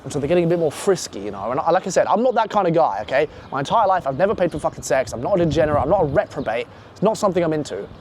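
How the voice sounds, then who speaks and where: A young man casually telling a profane, animated story and acting out the other voices in it. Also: fairly high pitch, rapid-fire, a little hiss or hum.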